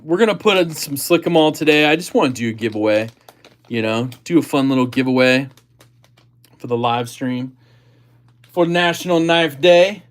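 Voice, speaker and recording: A man hosting a casual livestream, chatting about gear and reading viewer comments aloud. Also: medium pitch. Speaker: livestream host.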